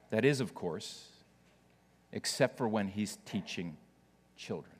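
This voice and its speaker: A man's voice: fairly low pitch, animated, slow pace, pauses often, husky, big-room sound. A male pastor preaching a sermon to his church, telling a story with playful asides to the congregation.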